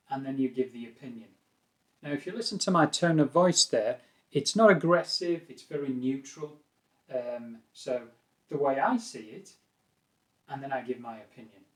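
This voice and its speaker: A British man teaching an English lesson, calm and patient, explaining phrases and acting out examples. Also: medium pitch. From Britain.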